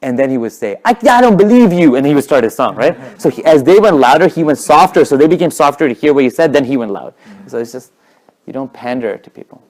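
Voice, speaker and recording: Fast, animated man telling stories. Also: mid-range voice. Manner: fast-talking, animated, drops to whispers for effect. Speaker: guest speaker. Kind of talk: casual storytelling talk.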